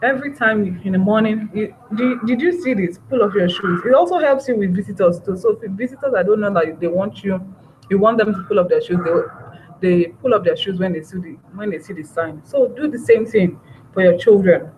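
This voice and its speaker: Lively woman teaching parents. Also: medium pitch, fairly quick, noisy background. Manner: lively, acts out parent and child voices. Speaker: parenting trainer. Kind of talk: training talk to parents.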